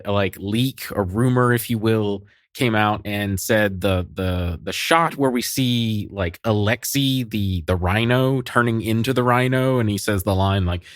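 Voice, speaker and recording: A man's voice: lowish voice, unhurried, hardly any pauses, smooth, no echo, studio quality. A man co-hosting a podcast, ranting cynically in casual chat, swearing and laughing often. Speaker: podcast co-host.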